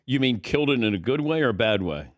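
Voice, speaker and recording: A man's voice: mid-range voice, animated, fast talker, no echo. A man hosting a radio talk show, interviewing a guest in an easygoing way. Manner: easygoing, laughs along, short prompts. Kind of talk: casual interview. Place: radio studio.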